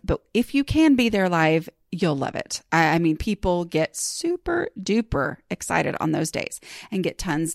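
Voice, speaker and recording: A woman's voice: medium pitch, creaky, no echo, studio quality. A woman hosting a podcast, chatty and self-deprecating, with rambling asides. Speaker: podcast host. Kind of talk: casual podcast chat.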